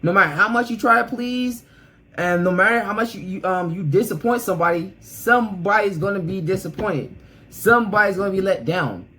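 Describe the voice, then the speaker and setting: A man's voice: high-pitched, a little fast, bright, forceful tone, rough recording. A man hosting a casual reaction video, blunt and opinionated, talking straight to the person he reacts to.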